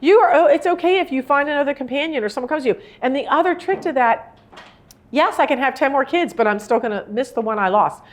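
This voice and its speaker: A woman's voice: high-pitched, lively intonation, quick pace. A woman in her sixties giving a live talk on grief, speaking in an earnest, rambling, conversational way. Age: 60s. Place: indoor room with a live audience.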